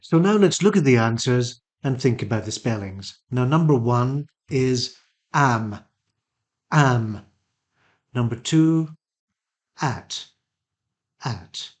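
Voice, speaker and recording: Slow, patient male pronunciation teacher. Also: mid-range voice, lively intonation, a little mellow. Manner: careful, patient, clear articulation of each word. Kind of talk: slow, deliberate teaching with repeated model words.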